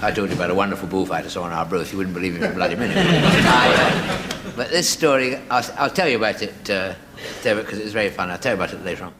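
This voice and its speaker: Rambling comedian, noisy old tape. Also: male voice, on the low side, quick pace. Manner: chatty, stumbling, self-mocking. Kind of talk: rambling comic anecdote. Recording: noisy old studio recording.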